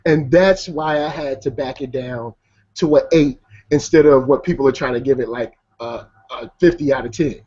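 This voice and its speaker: A man giving his take on a film in relaxed, slangy casual talk. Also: mid-range voice, moderate pace, breathy edge. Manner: laid-back slangy talk, laughs easily. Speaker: film reviewer. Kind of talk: casual debate. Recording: muffled lo-fi video call audio.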